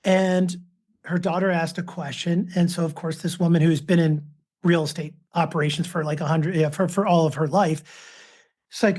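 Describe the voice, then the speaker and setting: A man's voice: on the high side, fairly even intonation, moderate pace, a little mellow. A man in his fifties, a father and author, telling stories as a guest in a casual podcast interview. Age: 50s. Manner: anecdotal, acts out quoted voices.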